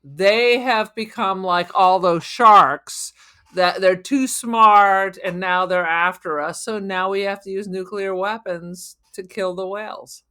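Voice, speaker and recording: Bright-voiced woman riffing jokingly. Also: medium pitch, slow pace, clear, resonant tone. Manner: playful, spinning silly jokes and theories. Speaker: podcast co-host. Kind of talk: casual movie chat.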